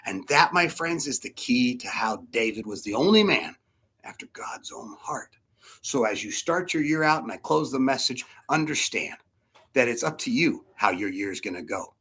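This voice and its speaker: Animated, bright-voiced male pastor. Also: mid-range voice, moderate pace, husky. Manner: animated, acts out voices of people in his stories. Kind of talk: sermon.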